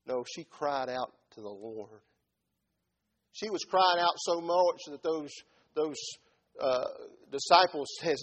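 A middle-aged man preaching a sermon in a folksy way, dropping from quiet talk to loud shouted peaks. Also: on the high side, normal speed, slightly rough.

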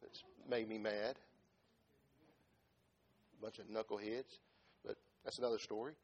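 Husky-voiced preacher, quiet then shouting. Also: male voice, lowish voice, fairly even intonation, a little slow, highs cut off. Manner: swings from quiet talk to loud shouted peaks. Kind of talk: sermon.

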